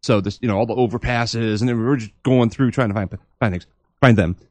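A man co-hosting a podcast, telling a long dream story in a rambling, animated way with many restarts. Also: mid-range voice, fairly quick, no echo. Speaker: podcast co-host.

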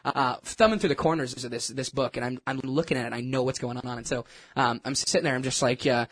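A man telling a personal story in a casual, animated, self-mocking way, with lots of restarts. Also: mid-range voice, fast talker. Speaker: churchgoer sharing a testimony.

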